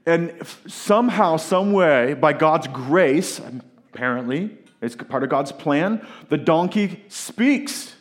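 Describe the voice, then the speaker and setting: A man preaching a sermon, retelling a scripture story in a casual, animated way with asides to his listeners. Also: on the high side, slow, faint music behind. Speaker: pastor.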